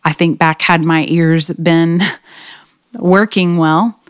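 A woman with a low, smooth voice tells a personal story in an earnest, emotional way, with plenty of fillers. She is a podcast guest, speaking close to the mic in a dry room. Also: steady tone, takes it slowly, no room sound. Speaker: guest, singer. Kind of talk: conversational faith podcast storytelling.

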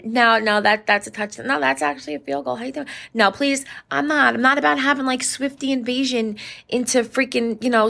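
Woman, middle-aged, podcast host, gravelly, slightly high voice, profane sarcastic rant. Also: a bit bright. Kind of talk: casual ranting monologue.

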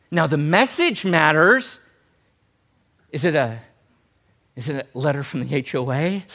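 High-voiced animated man preaching. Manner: animated, jokey, talks straight to the congregation. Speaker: pastor. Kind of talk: sermon.

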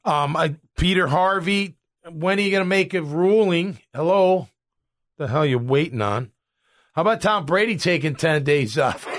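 A middle-aged man hosting a sports talk show, ranting in an animated, exasperated way. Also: a little high, unhurried. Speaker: sports radio host.

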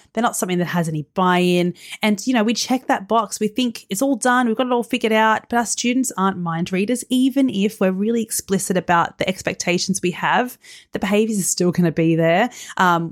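A woman hosting a podcast in a casual monologue, a bit hoarse as she recovers from illness, chatty and earnest. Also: lowish voice, dry recording, studio quality. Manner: chatty, earnest, quick asides. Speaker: podcast host.

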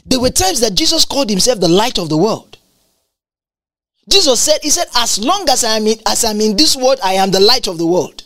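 A woman's voice: a little high, fairly bright tone. A woman preaching a sermon with emphatic, repetitive delivery and scripture quotations. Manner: emphatic, repeats lines for effect, quotes scripture.

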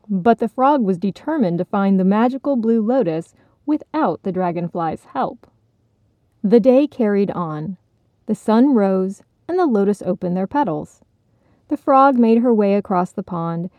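Slow, calm woman reading a storybook. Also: medium pitch, dry recording, dull audio. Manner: calm, measured. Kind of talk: storybook narration.

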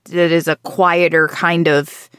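A woman's voice: fairly low pitch, flat delivery, slow pace, a bit bright, clean tone, no room sound, clean studio sound. A woman in her thirties in casual conversation, rambling and restarting her sentences, with a groggy morning voice. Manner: chatty, rambling with frequent restarts and self-corrections.

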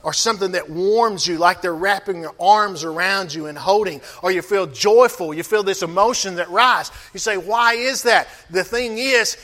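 High, bright-voiced man preaching. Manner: preaching with call-and-response to the congregation. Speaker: pastor. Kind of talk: sermon.

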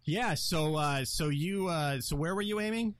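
A man running a tabletop game as game master, narrating with many pauses and fillers. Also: fairly high pitch, fairly bright tone.

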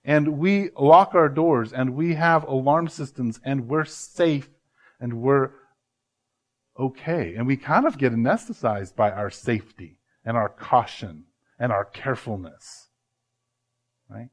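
A man, a pastor, preaching a sermon with emphatic swings from loud to hushed and slowing down to stress words. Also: medium pitch.

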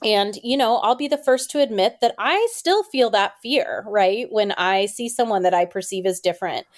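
A chatty woman appears as a podcast guest, speaking as a disability advocate in a relaxed interview. She talks casually and fills her sentences with little fillers. Her pitch is plain and middling for a woman. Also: normal speed. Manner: chatty, uses many fillers like "like" and "you know".

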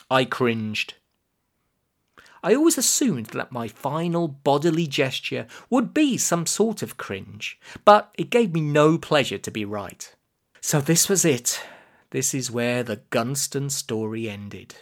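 A woman giving scripted narration of a comic children's story, expressive with deadpan asides. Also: very deep voice, a little slow. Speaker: audiobook narrator.

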